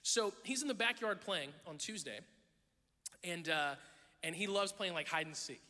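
A man's voice: high-pitched, moderate pace. A middle-aged man preaching a sermon, telling stories with jokes and acting out the voices of the people in them. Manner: animated storytelling, jokes and acted-out quotes. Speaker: pastor. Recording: long hall reverb.

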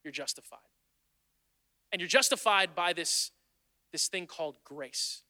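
In a church sanctuary, a male pastor preaches a sermon in an earnest, chatty, animated style at a measured pace, circling back to the same phrases for emphasis. His voice sits high and rings very bright, and a long reverb trails each line through the hall.

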